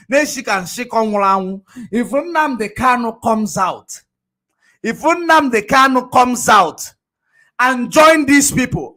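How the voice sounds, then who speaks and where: A man's voice: high-pitched, fairly bright tone. Mocking Nigerian man commenting on clips. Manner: mocking, laughs often, repeats himself for emphasis. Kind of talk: reaction commentary on played clips.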